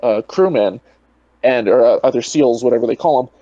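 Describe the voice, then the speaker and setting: A man's voice: mid-range voice, fairly quick, mellow, dry recording, highs cut off. A man talking as a guest in a casual online debate, rambling and full of "you know" fillers over a video call. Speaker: guest, atheist video creator.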